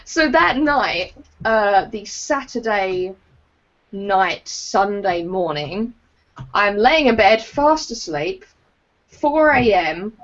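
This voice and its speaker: A woman's voice: mid-range voice, big pitch swings, slow, fairly bright tone. A woman, co-hosting a podcast, telling stories in casual chat and laughing often. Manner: laughs often, chatty storyteller. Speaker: podcast co-host. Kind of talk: casual chat over a call. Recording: dull lo-fi call audio.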